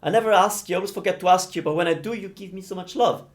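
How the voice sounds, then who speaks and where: A young Italian man with an Italian accent, teaching pronunciation live and stretching out sounds to demonstrate them. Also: high-pitched. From Italy. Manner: animated, drawn-out demonstrations of sounds. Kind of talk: live-streamed pronunciation lesson.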